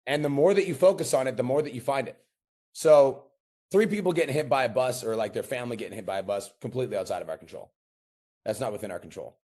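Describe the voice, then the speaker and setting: A man's voice: mid-range voice, quick pace, mellow. A man coaching a client on a call, blunt and profane, giving a pep talk with rising intensity. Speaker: business coach.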